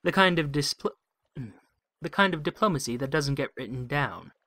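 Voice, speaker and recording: Brief: man doing a sly genteel diplomat-spy, arch and knowing, raised bright voice, dry close mic. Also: a little high, expressive, normal speed, dry recording, exaggerated voice.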